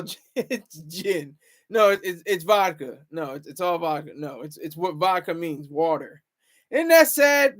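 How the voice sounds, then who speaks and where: A man hosting a casual livestream, rambling and chatting with viewers in the comments. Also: high voice. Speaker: livestream host.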